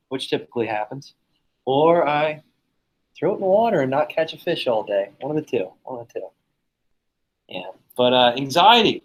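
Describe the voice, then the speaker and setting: A man's voice: medium pitch, expressive, fairly quick, poor audio. A man teaching a classroom lesson in a casual, joking, chatty way, telling stories and teasing his students.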